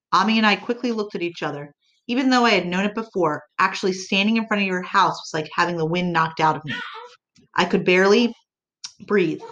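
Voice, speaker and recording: A woman narrating an audiobook in a measured, earnest way. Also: fairly low pitch, fairly bright tone.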